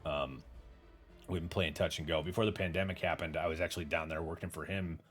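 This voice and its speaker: Low-voiced man, livestream host, rambling stories, casual swearing. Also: steady tone, a little fast, faint music behind. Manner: reads and answers viewer chat aloud. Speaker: podcast host.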